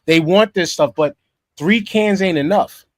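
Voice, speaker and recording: A man with a fairly high voice talks in a relaxed, casual podcast chat. He hammers his points home, repeats himself and curses freely. The sound is dry and close to the mic. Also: measured pace, no echo. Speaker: podcast co-host.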